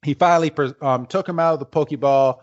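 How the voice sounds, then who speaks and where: A man's voice: fairly high pitch, muffled recording. Rambling male podcast co-host. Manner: rambling, halting, with many fillers. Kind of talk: casual chat.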